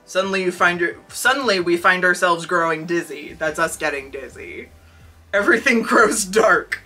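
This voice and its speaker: A podcast co-host reads a children's storybook aloud, breaking off for wry, laughing jokes. The voice is bright and a little distant from the mic, with faint music in the background. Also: medium pitch, normal speed. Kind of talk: reading a storybook aloud with joking asides.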